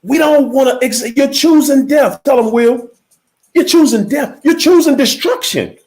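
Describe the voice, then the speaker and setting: A man giving a motivational speech in an emphatic, repetitive preaching cadence, slowing down to stress key words, with faint music behind. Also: extremely high pitch, a little mellow. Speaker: motivational speaker.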